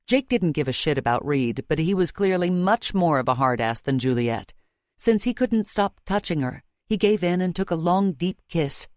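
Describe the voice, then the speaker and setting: Woman narrating a romance, low voice. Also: lively intonation, darkish tone, dry recording. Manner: measured, emotive reading. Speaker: audiobook narrator. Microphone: close studio mic.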